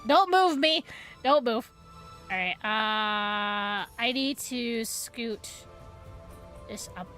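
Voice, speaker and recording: A woman's voice: a little high, extremely slow, long pauses, a bit bright, soft background music. A woman streaming, chatting casually and playfully with viewers, giggling often. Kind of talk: casual live-stream chat.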